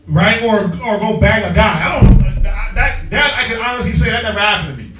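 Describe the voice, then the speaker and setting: A man teaching from the Bible in an emphatic, slangy street style, prodding his reader with quick call-and-response. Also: high voice. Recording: echoey room, distant mic, faint music.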